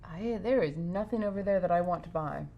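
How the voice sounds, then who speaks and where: A woman playing a board game with friends, thinking out loud about her moves, hesitating and restarting. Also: fairly low pitch, brisk, gravelly, dull audio. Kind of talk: casual play and chat.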